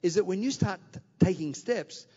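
A man preaches from the pulpit, telling his story with animated energy and then pressing his congregation to act. His voice sits a little high, and it rings with a long reverb through a large hall. The recording sounds muffled and dull. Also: normal speed. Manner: animated, anecdotal, rising to exhortation. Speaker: pastor. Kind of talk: sermon with storytelling.

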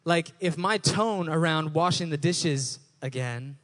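A young adult male pastor with a somewhat high-pitched voice delivers a sermon. His delivery is conversational rather than formal, with frequent restarts and repeated words as he works his thoughts out aloud. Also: unhurried, a bit bright.

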